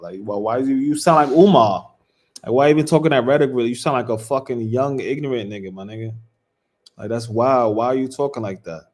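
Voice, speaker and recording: A man's voice: medium pitch, darkish tone. A man hosting a reaction video, talking bluntly and profanely and mocking what he watches. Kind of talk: casual reaction commentary.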